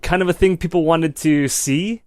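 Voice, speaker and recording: A man co-hosts a laid-back movie review podcast, rambling in long, loose stretches packed with "like" and "you know." His voice sits on the high side with a steady tone and a clear, resonant quality at a normal pace. The studio-quality recording has no room sound.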